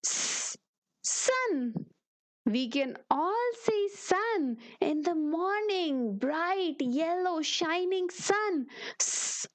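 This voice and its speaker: A woman with a very high, lively voice gives a phonics lesson to small children. She goes very slowly and says each letter sound and word twice in a patient drill. Her voice rises and falls a lot. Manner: slow, repetitive, sound-then-word drilling; speaks to young children. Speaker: preschool teacher.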